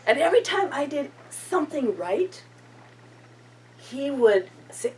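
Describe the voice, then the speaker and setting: A woman's voice: high-pitched, very animated, takes it slowly, long pauses, a little mellow. An older woman giving a humorous storytelling speech, often chuckling through her own anecdotes. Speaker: public speaker. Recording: distant mic with faint room ambience.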